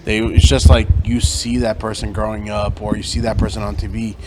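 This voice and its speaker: Low-voiced casual male podcast host. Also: level tone, brisk. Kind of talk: casual chat. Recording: noticeable background noise.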